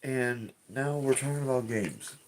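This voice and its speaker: A man's voice: medium pitch, a little slow, a little hiss or hum. A man streaming from home, chatting casually and rambling, swearing often and restarting his sentences. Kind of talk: casual live-stream chat.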